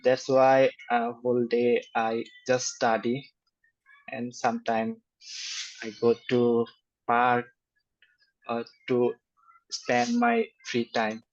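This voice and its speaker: A young man in his twenties whose first language is Bengali, answering exam questions slowly and hesitantly with frequent fillers and a flat, even rhythm. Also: medium pitch. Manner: slow, hesitant, many fillers and flat syllable-timed delivery. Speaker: test candidate. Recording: dull lo-fi sound.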